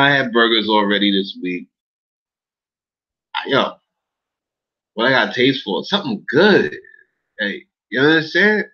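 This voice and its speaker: A man's voice: lowish voice, breathy edge. A man hosting a casual livestream, rambling and swearing in street slang as he answers his viewer chat. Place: indoors in Los Angeles. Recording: dull lo-fi stream audio.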